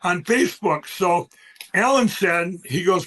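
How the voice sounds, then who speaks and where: A man speaks with a high-pitched voice as he talks on a show. He rambles and stresses his words, jumping from one point to the next. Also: normal speed, fairly bright tone. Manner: rambling, emphatic, acts out quoted voices. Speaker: guest. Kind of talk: animated interview storytelling.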